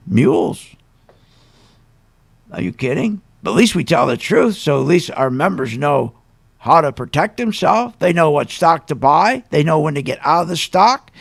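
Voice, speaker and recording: Indignant gravelly talk radio host. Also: male voice, on the high side. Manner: indignant, emphatic, rhetorical questions.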